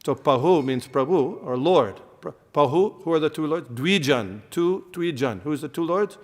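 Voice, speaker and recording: A man's voice: on the high side, animated, moderate pace, in a large hall. A man giving a devotional scripture class, explaining terms and quizzing his listeners, with many fillers and restarts.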